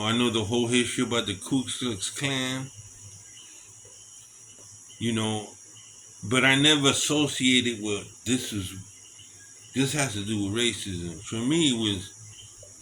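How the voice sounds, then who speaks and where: A man telling a rambling personal story in a casual, animated way and acting out other people's lines, outdoors at night with crickets behind him. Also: on the low side, a little slow, pauses often, slight background noise.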